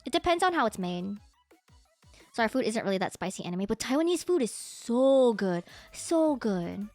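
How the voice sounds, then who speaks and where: A young American woman with a fairly high, darkish voice streams a casual chat at a moderate pace, very animated. She giggles a lot and imitates her parents' exclamations while faint music plays behind her.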